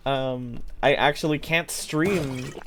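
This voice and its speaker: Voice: mid-range voice, slow pace, a little hiss or hum. A young adult streamer chatting casually with viewers while gaming, joking dryly and swearing now and then. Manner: chats to viewers while playing.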